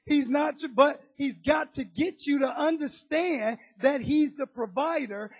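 A man's voice: extremely high pitch, dull audio. A man preaching a sermon in a colloquial, joking way that rises into emphatic declarations.

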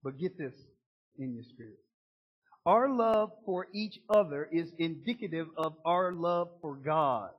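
Male pastor, high husky voice, folksy emphatic sermon, muffled recording. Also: expressive, measured pace. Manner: folksy, call-and-response preaching with rising emphatic bursts.

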